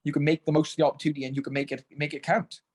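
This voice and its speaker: Fast-talking young man telling stories. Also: on the high side, little pitch movement, darkish tone. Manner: quick storytelling, laughing, swearing, slangy. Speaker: guest fighter. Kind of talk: casual podcast chat.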